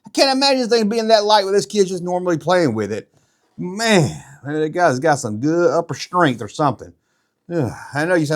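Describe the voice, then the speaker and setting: Animated, rambling middle-aged man. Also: a little high, fast. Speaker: YouTube collectibles host. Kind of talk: casual show-and-tell vlog.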